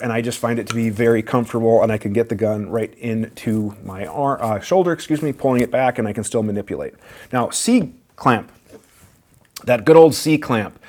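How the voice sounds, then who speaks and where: A man hosting a question-and-answer show, talking in a relaxed, conversational way with frequent fillers and self-corrections. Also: mid-range voice. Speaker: firearms Q&A show host. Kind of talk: casual question-and-answer talk.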